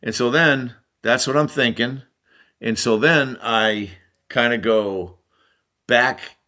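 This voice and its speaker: A man's voice: medium pitch, slow. A man in his sixties from the United States, a guest on a podcast, telling a long story and acting out the people in it. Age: 60s. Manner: animated, acts out the people in his stories. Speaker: guest, former Olympic hockey player.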